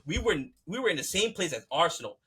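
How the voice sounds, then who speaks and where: A man's voice: sits high, big pitch swings, fast, pushed and bright, a little hiss or hum. A man hosting a podcast, ranting in a fired-up, profane, repetitive way. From United States. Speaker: podcast host. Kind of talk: heated casual rant.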